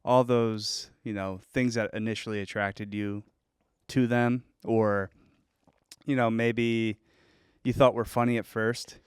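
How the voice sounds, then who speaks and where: A man co-hosting a podcast, chiming in with wry, deadpan quips during casual banter. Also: on the low side, takes it slowly, smooth, no room sound, clean studio sound. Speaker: podcast co-host.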